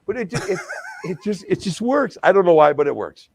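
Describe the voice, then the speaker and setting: An older man from Wisconsin, a TV anchor and charity auctioneer, telling stories in a folksy, animated, self-deprecating way in a casual interview. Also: high voice, fairly quick, vocal fry, husky, dry recording.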